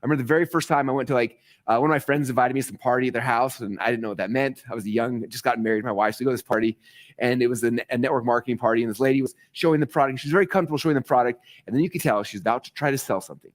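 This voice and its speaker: A man in his forties teaches a live masterclass at a rapid clip. He speaks straight to his viewers with eager energy and slips into quick acted-out quotes. His pitch sits in a plain middle range. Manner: fast, excited, talks to the audience directly, acts out quotes. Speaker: marketing teacher hosting a live online masterclass.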